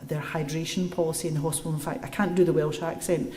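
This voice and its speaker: A fast-talking woman with a low voice is lecturing to a live audience and answering questions. She explains step by step and tells stories in a lively manner, heard in an echoey room.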